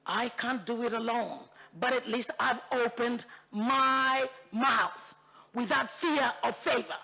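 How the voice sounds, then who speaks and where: Woman MP with a Bougainville accent, passionate parliamentary speaker, gravelly and forceful, mixes in Tok Pisin. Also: fairly high pitch, slow. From Bougainville, Papua New Guinea. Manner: impassioned, emphatic, repeats phrases for force; switches into Tok Pisin phrases. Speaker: member of parliament. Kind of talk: parliamentary debate speech. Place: parliament chamber.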